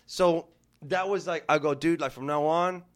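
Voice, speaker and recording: A man in his thirties telling a story in casual podcast chat, animated and full of swearing. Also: on the high side, normal speed. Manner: animated, profane, acts out quotes.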